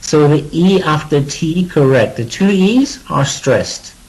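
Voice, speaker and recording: A British man gives a pronunciation lesson, modeling each word clearly so his students can echo it. His voice sits a touch higher than most men's, and he keeps the lesson conversational with joking asides. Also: animated, takes it slowly. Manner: demonstrative, leads students through word repetition. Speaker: English teacher.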